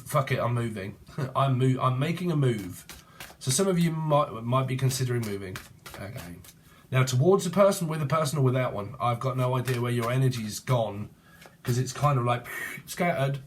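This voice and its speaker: Bloke doing a tarot reading, rambles and swears, mid pitch. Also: male voice, lively intonation, moderate pace, a little hiss or hum. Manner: free-associating, swears, breaks into song snatches. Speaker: tarot reader.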